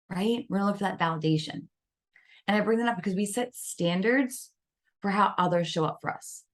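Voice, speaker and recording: Lively woman coaching on self-love. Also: medium pitch, brisk. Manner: animated, acts out inner voices. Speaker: guest wellness coach. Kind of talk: podcast interview.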